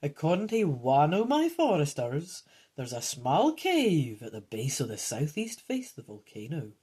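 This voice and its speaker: A woman's voice: low-pitched, wildly swooping pitch, measured pace, dark tone, slightly rough, exaggerated voice. A woman voicing an old man who begs a hero to take on a quest, reading aloud from a gamebook. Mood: imploring.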